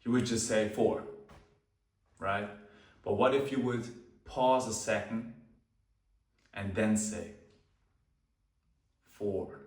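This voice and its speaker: A man with a low voice speaks slowly and calmly, leaving deliberate pauses between phrases as he hosts a self-improvement talk. He sits a little back from the mic, and the room gives his voice a noticeable echo. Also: recorded from a distance. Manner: slow, calm, pausing deliberately. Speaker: self-improvement video host. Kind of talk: slow deliberate talk to camera.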